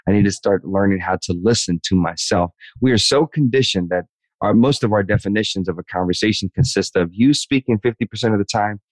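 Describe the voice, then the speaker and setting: Earnest deep-voiced man opening up. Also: a little fast, dry recording, low-quality recording. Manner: earnest, repeats words, says man and dude. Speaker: podcast guest. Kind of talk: candid interview talk.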